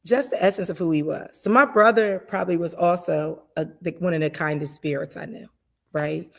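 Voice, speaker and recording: A woman defense attorney speaking earnestly about her family in a personal conversation, growing animated as she retells events. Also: lowish voice, fairly quick, gravelly.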